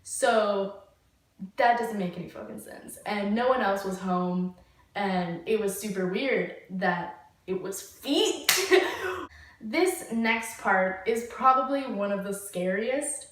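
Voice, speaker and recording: A woman's voice: medium pitch, slow, fairly bright tone. A young woman telling a story casually, rambling, full of "like" and swearing. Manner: rambling, heavy use of "like" and swearing. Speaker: vlogger. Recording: very echoey room, distant mic.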